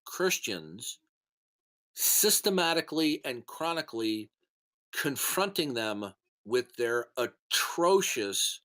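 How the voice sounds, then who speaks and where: A man's voice: medium pitch, big pitch swings, slow pace, a bit bright. Man lecturing scornfully over voice chat. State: hiccups. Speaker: Christian apologist in voice chat. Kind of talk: casual voice chat monologue. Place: online voice chat.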